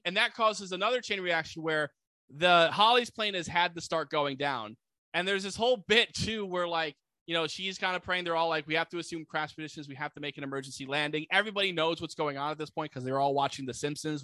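On the high side and sharp in tone, this man's voice moves at normal speed with no room sound. Co-hosting a casual podcast, he eagerly recaps a movie's plot, performing the quoted lines.

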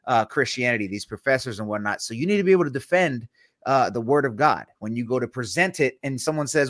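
A young man hosting a casual Christian podcast, joking and animated, with preachy asides. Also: mid-range voice, fairly quick, no room sound, studio quality. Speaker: podcast host. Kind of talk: casual chat.

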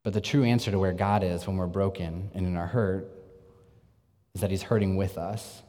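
Male preacher, lowish register, earnest sermon delivery with quiet intense drops, long hall reverb. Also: normal speed. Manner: earnest preaching, swings from energetic to hushed and intense.

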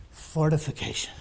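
A man preaching a sermon to a congregation, building to loud emphatic peaks and then dropping low, with repeated rhetorical questions. He gets short of breath as he goes.

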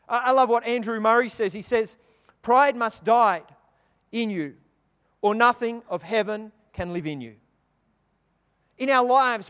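A man preaching a sermon, telling the story with animated delivery and acting out the characters' lines. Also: high voice. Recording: long reverb of a large hall.

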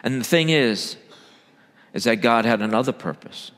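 A man, a church elder, preaching a sermon, swinging between loud emphatic bursts and low quiet asides. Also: animated, normal speed, in a large hall.

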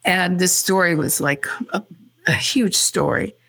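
An older woman from California, a guest in an interview, telling her story quickly and acting out what people said. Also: fairly low pitch, gravelly, husky. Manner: animated, quick storyteller who acts out quotes.

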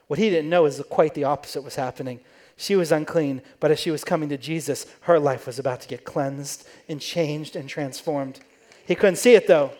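A man's voice: a little high, normal speed, darkish tone, a faint crowd. A man preaching in church, telling the story conversationally and acting out the quoted voices. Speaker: pastor. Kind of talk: sermon.

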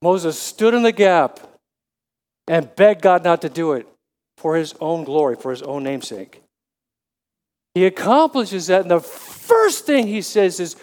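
A man in his seventies preaching a sermon, halting with frequent restarts, then rising to emphatic questions. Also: high voice, very animated, a little mellow. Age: 70s. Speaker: lay preacher.

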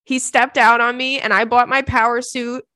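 A young woman hosting a podcast, chatting casually, ranting and laughing often, her voice swinging between loud and soft. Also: fairly high pitch, flat delivery, moderate pace, no room sound, clean studio sound. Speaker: podcast host. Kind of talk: casual chat.

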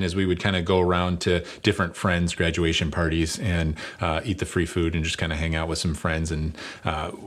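A middle-aged male lead pastor delivering a conversational sermon, telling stories with fillers and self-deprecating humor. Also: low-pitched.

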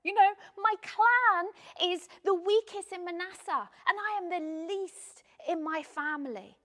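A woman voicing a scared young male farmer, croaky and timid, pleading apologetically. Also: very high-pitched, measured pace, fairly bright tone, long reverb tail, voice pushed up.

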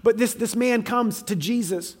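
A man teaching a conversational sermon, plain and direct, who often slips into quick voices for the people in his stories. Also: very high voice. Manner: acts out quoted speakers in lively voices. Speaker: teacher on faith and parenting.

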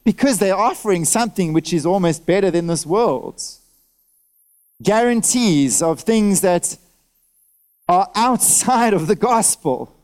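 A preacher with a notably high voice delivers a sermon at a church service. He asks his listeners question after question and checks they are with him, calling for nods and amens. He speaks through a face mask. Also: measured pace. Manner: animated, fires off rhetorical questions at the congregation.

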